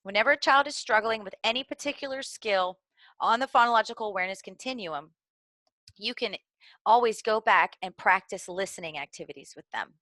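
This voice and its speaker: A woman's voice: mid-range voice, a little fast, bright, forceful tone, dry recording. A middle-aged woman with a Southern American accent, explaining early literacy skills to teachers in an earnest, instructional way. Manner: earnest, explanatory, occasional fillers and restarts.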